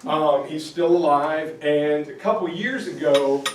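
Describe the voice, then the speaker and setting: A man giving a history lecture to parents, telling stories in a casual, lively way. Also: on the high side, measured pace. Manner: casual, animated storytelling. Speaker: high school teacher giving a parent lecture. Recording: echoey room, distant mic, faint noise.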